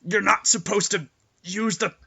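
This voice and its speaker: A man voicing a dying male gunman who croaks out strained words in a tabletop game. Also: high-pitched, steady tone, unhurried, sharp tone, voice pushed up, exaggerated voice. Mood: strained pleading.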